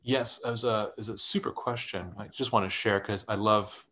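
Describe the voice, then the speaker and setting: A man's voice: on the low side, fairly even intonation, moderate pace, sharp tone. A man hosting a library author visit over a video call, enthusiastic and eager, with loose fillers. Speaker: library host.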